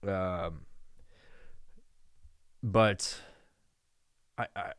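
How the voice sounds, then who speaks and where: Cast a man from New York, podcast host: foul-mouthed, ranting, joking, smooth clear voice, dry close mic. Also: deep voice, steady tone, extremely slow, a bit bright, no echo. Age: adult with a child. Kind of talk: podcast monologue.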